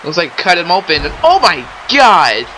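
A young man doing excitable play-by-play wrestling commentary, often exclaiming and addressing the audience. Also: fairly high pitch, moderate pace, slight background noise, rough recording. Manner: excitable, keeps exclaiming and saying ladies and gentlemen.

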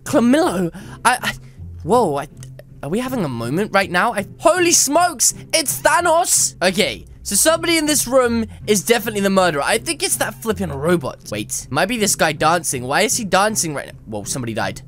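A woman giving excitable, goofy gameplay commentary as a video creator, mock-bragging and letting out frequent yelps. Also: mid-range voice, brisk, faint music behind. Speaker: gaming YouTuber.

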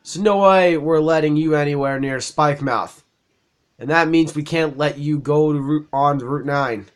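A smug, pompous villain from a video game speaks with a put-on British accent, as a man reads him aloud. The voice sits lower and more deliberate than ordinary talk, with a slightly high, bright edge. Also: close to an everyday voice. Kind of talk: reading game dialogue in voices.

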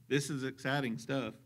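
A man with a Southern US accent preaching a sermon as pastor, repeating phrases for emphasis and chuckling now and then. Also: medium pitch.

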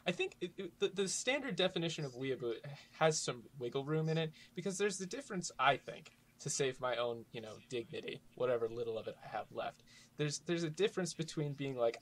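A man's voice: medium pitch, lively intonation, fairly quick, a bit bright. A young man chatting casually as a podcast guest, joking and sardonic, often laughing. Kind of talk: casual comedic chat.

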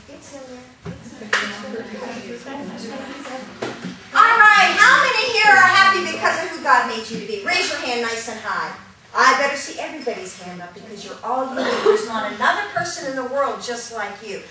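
A woman teaching puppet ministry, leading a lively children's-church style puppet demonstration and calling out to the audience. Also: a little high. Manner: animated, calls out to the audience and coaxes them. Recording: echoey room audio from far off with noise.

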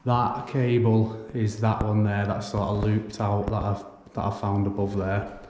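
A man's voice: lowish voice, little pitch movement, unhurried, darkish tone, muffled recording. A man, an electrician, chatting casually and thinking aloud as he works indoors in a house being renovated. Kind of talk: casual explanation while working. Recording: echoey room with faint background noise.

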